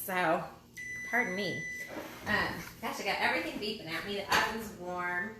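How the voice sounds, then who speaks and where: A cooking show host with a medium-pitched voice speaks at normal speed during an informal live demo in her home kitchen. She rambles chattily and pokes fun at her own errors. Behind her, a pan sizzles loudly and kitchen noises clatter in the echoey space.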